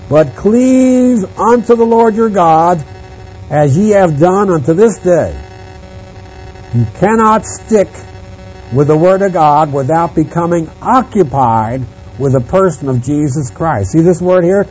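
Male preacher, bible sermon, slow deliberate delivery, slightly high voice, dull lo-fi sound with hum. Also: a little mellow. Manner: slow, deliberate preaching, reading scripture aloud. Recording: dull lo-fi sound with mains hum and faint music.

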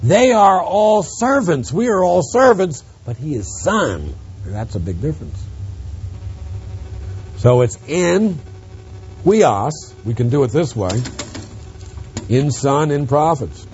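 A man preaching an expository Bible lesson, emphatic, rising on stressed words and dropping quiet on asides. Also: fairly high pitch, sing-song, slow pace, pauses often, highs cut off, a little hiss or hum. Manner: emphatic, swings from loud stresses to quiet drops.

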